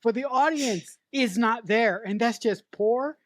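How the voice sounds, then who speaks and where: A woman's voice: on the high side, measured pace, no room sound. Woman, podcast co-host, emphatic film critique, swearing, dry close sound. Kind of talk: casual movie review chat.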